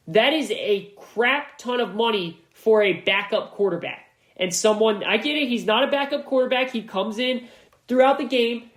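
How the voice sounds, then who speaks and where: Emphatic man on a roomy podcast. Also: high-pitched. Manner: emphatic, repeats key points for stress; casual and conversational, with slang. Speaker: podcast host. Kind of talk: solo sports analysis podcast.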